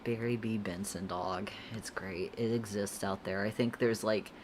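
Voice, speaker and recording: A young woman chats with her livestream audience as she draws, her voice unusually deep for a woman and her pace slow and unhurried. She rambles in a loose, slangy way and dissolves into giggles often. A faint hiss of noise sits under her voice. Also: fairly even intonation. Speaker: artist streamer answering chat. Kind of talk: casual livestream chat while drawing.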